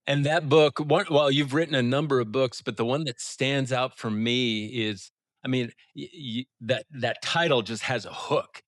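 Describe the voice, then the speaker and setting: A man's voice: medium pitch, steady tone, moderate pace, no room sound, studio quality. Enthusiastic man hosting a podcast. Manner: enthusiastic, affirming interviewer. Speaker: podcast host. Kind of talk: podcast interview.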